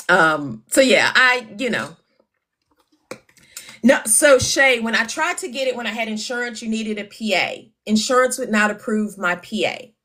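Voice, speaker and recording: A woman's voice: fairly high pitch, expressive, a little slow, long pauses, pushed and bright. A middle-aged woman, hosting a casual livestream, chatting and reading out comments. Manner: chatty, laughing often, reading comments aloud. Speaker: livestream host.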